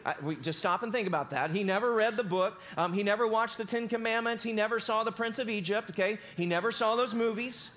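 High-voiced man preaching a casual sermon. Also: fairly quick, hardly any pauses. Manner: casual, conversational, animated storytelling. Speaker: pastor.

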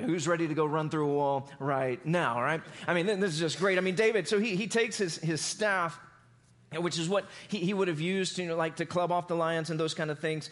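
A man preaching a sermon, retelling a scripture story in a loose, casual, animated way. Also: on the high side, fairly quick. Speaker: pastor.

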